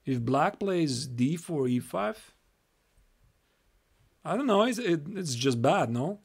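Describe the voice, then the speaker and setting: A man's voice: a little high, very animated, slow pace, creaky, breathy edge. A young Latvian man with a Latvian accent giving a chatty live-stream chess lesson, reading moves aloud and repeating himself.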